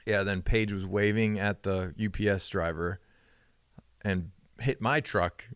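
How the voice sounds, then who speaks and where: Man, low voice, casual podcast chat, animated storyteller, dry close mic. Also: unhurried, clean tone, dry recording. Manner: animated storyteller, acts out quoted dialogue with rising pitch. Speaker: podcast co-host.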